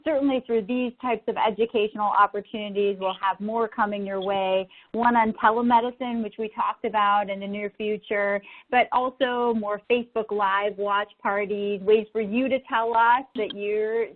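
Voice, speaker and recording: A woman's voice: mid-range voice, fairly even intonation, moderate pace, hardly any pauses. Woman moderator on a tinny line. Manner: conversational, repeats words when starting a sentence. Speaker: webinar moderator. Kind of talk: moderating a webinar. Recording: tinny phone-like call audio.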